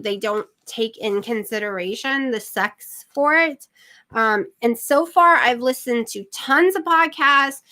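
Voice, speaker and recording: Chatty middle-aged woman with bright voice. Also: on the high side. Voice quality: chatty, rambling with many fillers. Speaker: channel host. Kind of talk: casual livestream chat.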